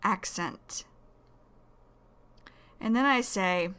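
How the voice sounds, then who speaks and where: A woman from the United States teaching English vocabulary, speaking deliberately and repeating key words for learners. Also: medium pitch, expressive, bright, forceful tone. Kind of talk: slow explanatory vocabulary lesson.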